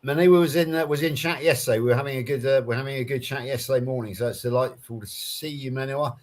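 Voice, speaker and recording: A man's voice: medium pitch, fairly even intonation, fast, darkish tone. Rambling English West Country man. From England. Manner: rambling, friendly, with many restarts and fillers. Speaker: guest on a live crochet chat. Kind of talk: casual chat.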